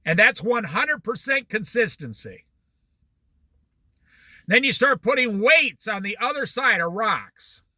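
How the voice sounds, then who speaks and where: A man with a high, very bright and sharp voice gives a motivational talk. His pitch swings widely as he tells homely examples. He drives each point home by repeating it. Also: sing-song, unhurried, pauses often, no room sound. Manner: folksy, repeats points for emphasis. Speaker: speaker.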